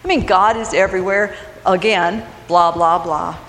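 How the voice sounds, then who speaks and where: A middle-aged woman giving a personal testimony from a church, telling her story in a slow, heartfelt way. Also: on the low side, reverberant, in a large hall, a little hiss or hum, rough recording. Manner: storytelling, slow and heartfelt, lively in funny parts. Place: church sanctuary.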